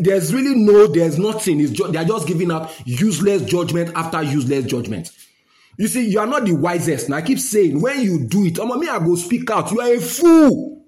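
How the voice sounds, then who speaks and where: A fired-up Nigerian man scolding and railing, his voice sitting high. He drops into Pidgin now and then. It sounds like an echoey room. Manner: indignant, scolding, mixes Pidgin phrases. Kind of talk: angry political rant.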